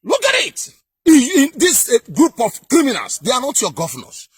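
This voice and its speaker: High, husky man ranting. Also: wildly swooping pitch, normal speed, no echo. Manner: emphatic, sing-song, often shouting. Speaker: political commentary vlogger. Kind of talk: heated monologue commentary.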